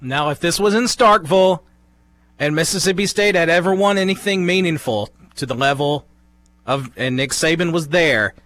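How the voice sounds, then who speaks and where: A man's voice: fairly high pitch, moderate pace, fairly bright tone, no room sound. A man co-hosting a sports talk radio show, blunt and matter-of-fact, on a backup microphone. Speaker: radio co-host.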